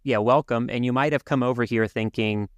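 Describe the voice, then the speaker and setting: Male podcast co-host, even mid pitch, earnest and measured, dry close sound. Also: clean tone, no echo. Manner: earnest, measured, some restarts. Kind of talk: casual podcast chat.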